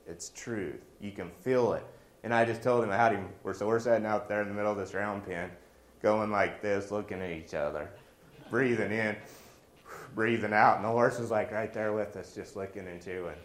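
A man's voice: fairly low pitch, moderate pace, echoey room. A man preaching a sermon in a folksy, joking way, weaving personal stories into his message.

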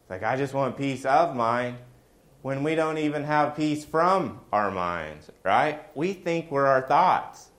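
A man's voice: medium pitch, lively intonation, slow, fairly bright tone. A middle-aged man preaching a sermon in a conversational way, often asking the congregation questions.

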